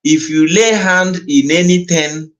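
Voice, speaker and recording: A man with a Nigerian accent gives earnest livestream commentary, slipping between English and Igbo. He speaks slowly and repeats his points. His voice sits a little high for a man. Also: muffled recording. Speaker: livestream host. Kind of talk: commentary on a played clip.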